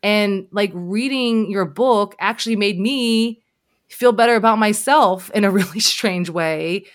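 Animated woman telling a candid story. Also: mid-range voice, measured pace. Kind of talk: casual conversation.

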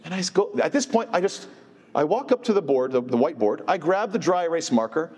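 A man giving an informal religious lecture, animated and asking his listeners rhetorical questions. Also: a little high, fast talker, husky. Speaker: Islamic teacher. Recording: long hall reverb.

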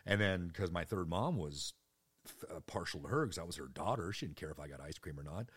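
A man's voice: fairly quick, breathy edge, dry recording, studio quality. A man in his thirties telling rambling personal stories in a casual way, jumping into voices for other people. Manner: rambling and animated, jumps into high-pitched voices for other people. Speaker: storyteller.

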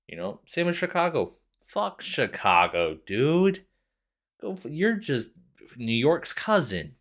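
A man's voice: low-pitched, a bit bright. A young adult man hosting a podcast, ranting casually with heavy swearing and a rambling, sarcastic manner. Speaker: podcast host. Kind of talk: casual rant.

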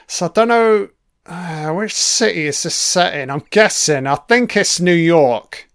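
A man's voice: high voice, a little slow, fairly bright tone, smooth. A man giving a casual running commentary on a film. He swears constantly and makes wry, offhand remarks.

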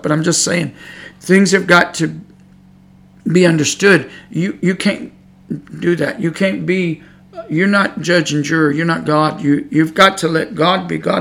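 Gravelly, earnest preaching man. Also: on the high side, fairly bright tone. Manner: earnest, emphatic preaching with repetitions. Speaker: podcast Bible teacher. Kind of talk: preaching Bible study. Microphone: podcast microphone.

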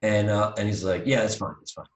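Man, 30s, podcast co-host; low voice, rambling storytelling, sounds off-mic in a roomy space. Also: a little fast, far from the mic, a little hiss or hum. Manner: rambling, animated storytelling with restarts. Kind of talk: casual storytelling chat. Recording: echoey room, voice off-mic.

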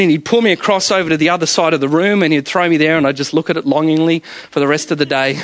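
Man, thirties, evening sermon, high voice, dry close sound. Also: fairly bright tone, dry recording. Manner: storytelling, conversational, laughs often. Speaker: preacher.

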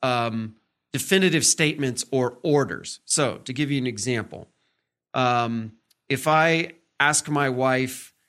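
A man hosting a podcast, giving a casual teaching talk on respect, with lots of fillers and "right?" check-ins and quick acted-out examples of tone. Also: medium pitch, a bit bright. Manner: acts out tones in short quoted examples. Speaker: podcast host.

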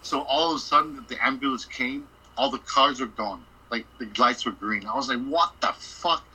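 Profane storytelling man, bright husky voice. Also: medium pitch, fairly even intonation, normal speed, rough recording. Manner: profane, laughing, acts out quotes. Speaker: record label boss, guest. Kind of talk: casual storytelling interview.

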